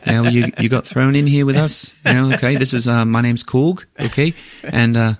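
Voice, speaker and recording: A man with a put-on New Zealand accent voicing a huge, gentle male rock creature who talks in a soft-spoken, easygoing way. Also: medium pitch, steady tone, brisk, lightly acted.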